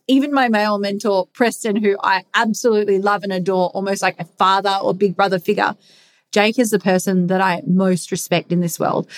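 A woman hosting a candid solo podcast, speaking earnestly and emphatically, repeating her key phrases and swearing casually. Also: mid-range voice. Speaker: podcast host.

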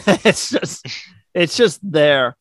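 A man co-hosting a casual sports podcast, relaxed and chatty, often laughing and restarting his sentences. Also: on the high side, very slow, no echo. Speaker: podcast co-host. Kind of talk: casual chat.

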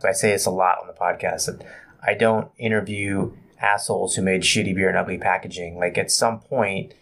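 A man's voice: low voice, fairly even intonation, moderate pace, creaky, a bit bright. A man hosting a podcast, talking bluntly and swearing casually in conversation with his guest. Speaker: podcast host. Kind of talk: casual interview chat.

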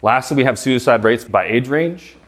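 A man in his thirties lectures a room with mid-range pitch and fervent emphasis. He fires rhetorical questions, tags his points with "right?" and trips over doubled words as his excitement builds. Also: normal speed. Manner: gets excited and stumbles over repeated words. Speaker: speaker giving a talk. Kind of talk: live presentation to an audience.

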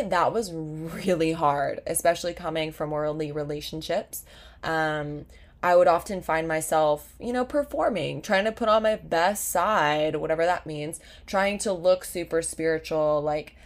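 A young woman hosting a faith podcast, talking in an earnest, heartfelt and casual way with lots of fillers. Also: sits low. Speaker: podcast host. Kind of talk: faith-based podcast talk.

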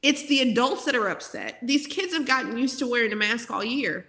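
An outspoken former teacher in her forties speaks with feeling and plenty of fillers. Her voice is bright and a little high. The room around her is echoey. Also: expressive, a little fast, few pauses. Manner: outspoken, emotional, many fillers. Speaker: guest, former teacher turned content creator. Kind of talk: emotional interview talk.

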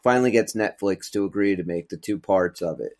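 Low-voiced, rambling, profane man. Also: brisk, darkish tone. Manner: rambling storyteller, profane, gropes for names. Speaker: podcast co-host. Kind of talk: casual chat.

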